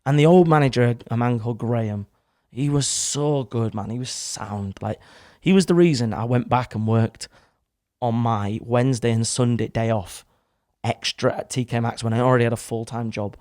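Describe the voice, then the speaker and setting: A man's voice: medium pitch, moderate pace, darkish tone, no room sound, clean studio sound. A young man, casually telling a rambling story in a podcast chat, with some swearing. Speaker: podcast guest. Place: studio. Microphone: studio microphone.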